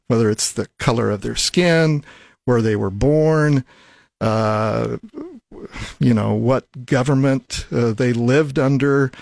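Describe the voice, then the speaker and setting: Halting, gravelly radio talk host. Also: male voice, medium pitch, no room sound, clean studio sound. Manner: halting, many fillers and restarts. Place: radio studio. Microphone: studio microphone.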